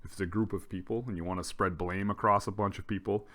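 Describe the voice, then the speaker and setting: Low-pitched guy walking students through grammar, easygoing, stops and restarts a lot. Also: quick pace. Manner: relaxed, explanatory, with frequent restarts and fillers. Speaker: teacher. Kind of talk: recorded grammar lesson.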